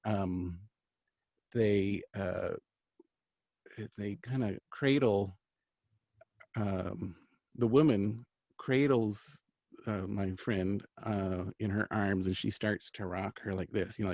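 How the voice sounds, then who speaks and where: In a casual storytelling chat, a middle-aged man who hosts and works as an angel card reader and healer earnestly rambles through a long personal story. He speaks slowly in a fairly low, warm voice with no echo, filling his talk with fillers and restarts.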